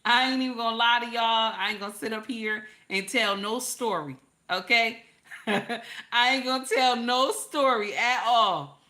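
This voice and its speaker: An older woman hosting a live stream, giving casual relationship advice to viewers; she is animated, repeats her points and drops to a low confiding voice for emphasis. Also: a little slow.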